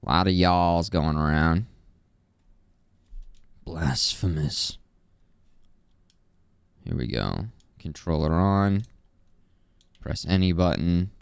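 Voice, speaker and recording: A man from Missouri streaming a video game live, chatting in a relaxed, playful way with viewers. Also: deep voice, slow, creaky, long pauses, clear, resonant tone, no echo, clean studio sound. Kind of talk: casual live gameplay commentary.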